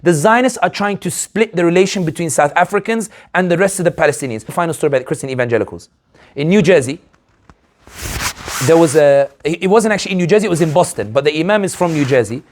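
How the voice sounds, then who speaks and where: A political analyst speaking to an audience, telling stories and asking rhetorical questions in a lively, animated way. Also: male voice, on the high side, quick pace, a little hiss or hum. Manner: animated storyteller, acts out quoted voices, rhetorical questions. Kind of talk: speech to an audience.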